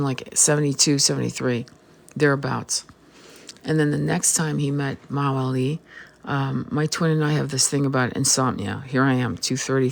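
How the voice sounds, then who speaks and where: A woman's voice: deep voice, creaky. A woman tarot reader giving a blunt, emphatic spiritual vlog monologue and swearing freely.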